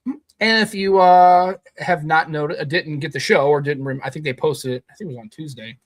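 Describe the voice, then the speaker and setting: A man with a voice on the high side and a moderate pace co-hosts a casual tech podcast, rambling, speaking emphatically, and swearing now and then.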